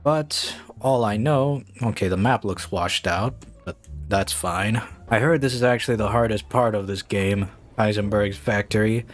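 A man playing a horror game and talking through it casually, with slow, drawn-out remarks that jump to startled shouts and curses. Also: on the low side. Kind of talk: casual let's-play commentary.

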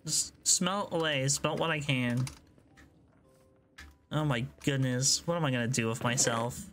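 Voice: medium pitch, a little slow, fairly bright tone, slight background noise. A gaming video creator giving casual gameplay commentary, jittery and repeating phrases over and over when flustered, with nervous laughs.

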